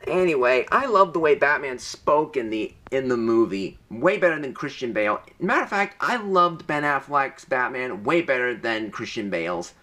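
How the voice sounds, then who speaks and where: An eager young man talks through a movie review in a casual vlog, his pitch swinging lively up and down. His voice is bright and forward, and he rambles, catching himself and restarting mid-sentence. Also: normal speed, few pauses.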